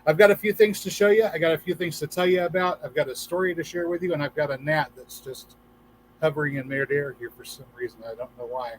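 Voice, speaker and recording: A man's voice: on the high side, quick pace, slight background noise, rough recording. A man hosting a casual livestream for gardeners, chatting, reading viewer comments aloud and telling jokes with a few acted-out voices. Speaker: livestream host.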